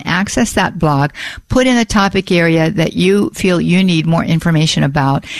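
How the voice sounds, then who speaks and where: A woman's voice: fairly low pitch, creaky, dry recording. A woman hosting a Catholic radio talk show, chatty and laughing easily in the studio.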